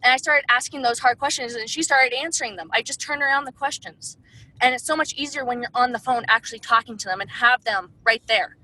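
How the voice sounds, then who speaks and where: Brief: woman, sales distributor, casual tips talk, bright and fairly high voice, chatty with lots of fillers. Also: a little fast, rough recording. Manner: chatty, heavy use of "like" and "um".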